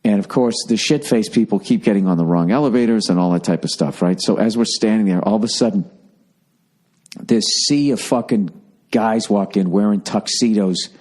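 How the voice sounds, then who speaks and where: A man's voice: on the low side, moderate pace, darkish tone. Profane rambling Boston man telling stories. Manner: profane, rambling, sarcastic storytelling. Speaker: podcast host. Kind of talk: casual comedic storytelling.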